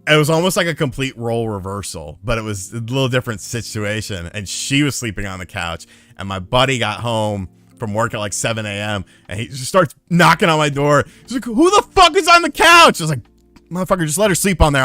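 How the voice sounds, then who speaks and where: A young man streaming live, telling a crude anecdote in a casual, profane, animated way to his chat. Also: mid-range voice, quick pace, soft background music.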